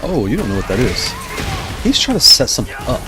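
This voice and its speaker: A man's voice: mid-range voice, huge pitch swings, fast, music in the background. A tired man streaming a fighting game and chatting as he reacts aloud to each round. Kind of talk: live gameplay commentary.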